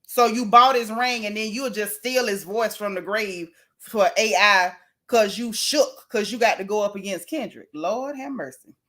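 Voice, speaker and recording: A middle-aged woman vlogger chatting to her viewers in a lively, exclaiming way. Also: medium pitch, moderate pace. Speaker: gossip vlogger. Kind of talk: casual commentary to viewers.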